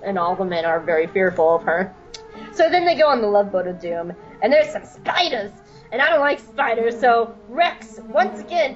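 On a lo-fi recording, a woman with a voice on the high side gives a rambling, giggly comic recap. She swears freely and performs the characters' lines as she quotes them.

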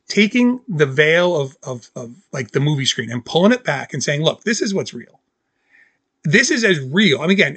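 A man co-hosting a podcast in casual chat, excitably acting out movie scenes in quoted voices. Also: a little high, dry recording. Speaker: podcast co-host.

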